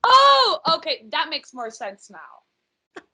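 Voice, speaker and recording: A woman in her thirties hosts a relaxed podcast chat on a podcast mic. Her voice is a touch high and very bright. She talks in a chatty, self-deprecating way, quick to apologize for swearing. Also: low-quality recording. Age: 30s. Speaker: podcast host. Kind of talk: casual chat.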